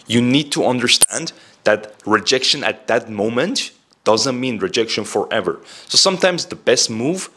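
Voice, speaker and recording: A man's voice: mid-range voice, animated, moderate pace, sharp tone. A young man giving casual self-improvement advice in a direct, chatty way, saying "like" and "bro" a lot. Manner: direct, heavy use of "like" and "bro".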